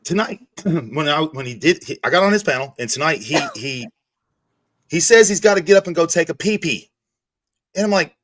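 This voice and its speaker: This is a man, in his thirties, ranting on a livestream. His voice sits a little high for a man, and he swears heavily, breaking off and restarting his sentences. The sound is dry and close to the mic. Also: expressive, normal speed, pauses often, a bit bright, dry recording. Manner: angry, profane, repetitive restarts. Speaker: streamer host. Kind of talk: heated livestream rant.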